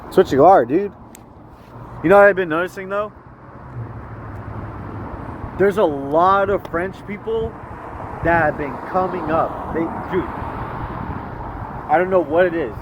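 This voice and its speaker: A man's voice: high voice, slow, long pauses, dull audio, noisy background. A young man ranting outdoors in a rambling, profane way, often repeating himself and restarting his sentences. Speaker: vlogger. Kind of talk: rambling rant.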